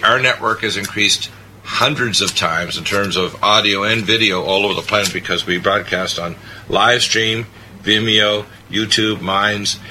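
A man's voice: lowish voice, sharp tone, slight background noise, low-quality recording. A man hosting a health radio show as a doctor, talking casually and proudly rattling off stats. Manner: boastful, listing stats.

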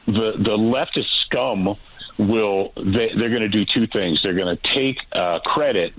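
Man on a phone line, firearms trainer guest, blunt and emphatic, husky, somewhat low. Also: measured pace, no echo. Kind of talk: talk radio interview.

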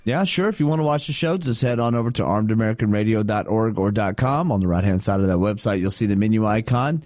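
A man's voice: lowish voice, fast talker, darkish tone, dry recording, soft background music. Dry-voiced male radio announcer. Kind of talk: scripted promo read.

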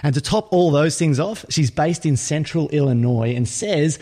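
A man's voice: fairly high pitch, animated, moderate pace, dark tone. Upbeat man hosting a podcast. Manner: upbeat, salesy, emphatic. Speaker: podcast host. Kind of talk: scripted podcast intro and interview.

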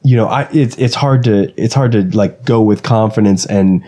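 A man's voice: lowish voice, normal speed, dark tone. A man chatting casually about racing on a podcast, hesitant, with many fillers and restarts, recorded in a bedroom while he has the hiccups. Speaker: podcast co-host and race driver. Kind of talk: casual chat.

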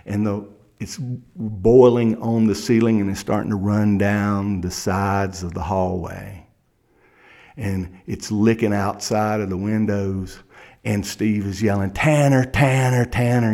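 Kentucky lawyer guy, kinda low voice, telling a big dramatic courtroom story. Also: dark tone. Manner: dramatic present-tense storytelling. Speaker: criminal defense lawyer, guest.

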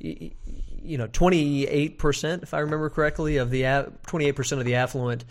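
Fast-talking man co-hosting a podcast. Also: a little high, fairly even intonation. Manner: quick, conversational, acts out quoted clients. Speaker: podcast co-host. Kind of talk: casual business chat.

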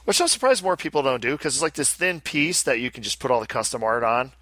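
Bright-voiced rambling male podcast host. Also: mid-range voice, animated, fast talker, no room sound. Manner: rambling, self-interrupting, chatty. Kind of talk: casual chat.

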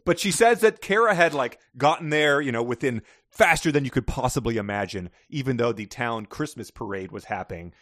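A man's voice: mid-range voice, lively intonation, brisk, hardly any pauses, fairly bright tone, dry recording, clean studio sound. A man co-hosting a casual book-discussion podcast, wry and joking, often breaking into laughter. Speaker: podcast co-host.

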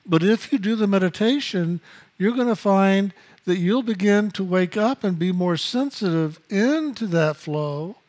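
A man with a notably high voice gives a spiritual teaching talk. He speaks slowly and deliberately, repeating phrases for emphasis and dropping in blunt asides. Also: lively intonation, darkish tone.

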